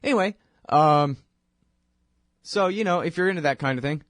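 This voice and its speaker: A man hosting his own radio show, talking in a rambling, wry, conversational way full of quick asides. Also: fairly high pitch, fairly bright tone, no room sound. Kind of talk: casual monologue.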